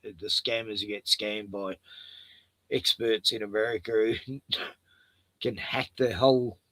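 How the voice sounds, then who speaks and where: A man's voice: lowish voice, fairly even intonation, measured pace, a bit bright, no echo. A man hosting a livestream, telling crude, rambling stories and chuckling often. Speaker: livestream host. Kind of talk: casual chat.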